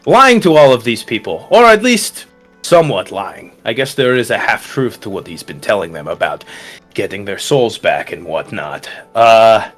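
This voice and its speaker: A man's voice: fairly low pitch, sing-song, normal speed, fairly bright tone. A man narrating as game master of a tabletop horror campaign, talking loosely with lots of fillers, with faint music in the background.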